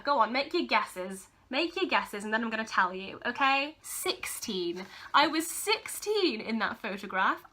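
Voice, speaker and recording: This young woman's casual vlog finds her giggling and gushing over keepsakes, sentimental to the point of tears. Her high-pitched voice sounds pushed and bright.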